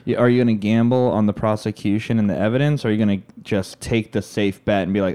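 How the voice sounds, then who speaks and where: Relaxed man podcast co-host. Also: fairly low pitch, fast talker, hardly any pauses, smooth. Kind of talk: casual chat.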